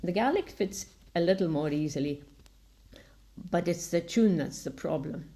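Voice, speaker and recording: A woman with a Scottish Highland accent giving an online academic talk over a video call, measured and explanatory, sometimes restarting a word. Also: expressive, warm tone. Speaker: lecturer.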